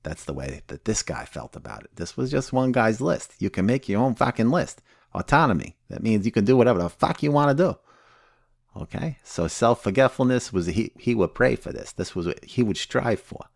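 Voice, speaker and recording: A man's voice: on the low side, expressive, normal speed, vocal fry, darkish tone, dry recording, clean studio sound. A man voicing Sober Patty, a blunt, foul-mouthed woman who sponsors people in recovery and teaches the steps casually with constant swearing. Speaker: recovery step instructor.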